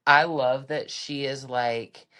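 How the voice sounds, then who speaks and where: A man co-hosting a casual reality TV recap podcast, gossipy and animated, acting out what cast members said. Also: medium pitch, takes it slowly, smooth. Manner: gossipy, animated, acts out quotes in put-on voices. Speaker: podcast co-host.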